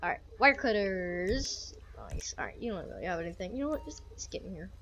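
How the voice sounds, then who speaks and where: A woman's voice: mid-range voice, lively intonation, a little fast, a bit bright, slight background noise. A woman giving casual, chatty commentary while playing a police game, often laughing and talking to the characters. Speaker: gamer playing a police sim.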